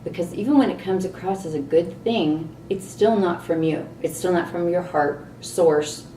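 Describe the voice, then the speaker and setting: A middle-aged woman vlogging a candid personal story, animated and exasperated at times. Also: lowish voice, moderate pace, slight background noise. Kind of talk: personal reflective monologue. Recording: roomy echo, distant mic, faint ambience.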